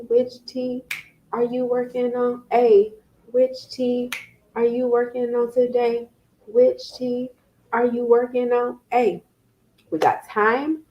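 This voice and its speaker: A woman educator giving parenting tips in a lively, conversational live-stream talk with playful asides. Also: lowish voice, muffled recording.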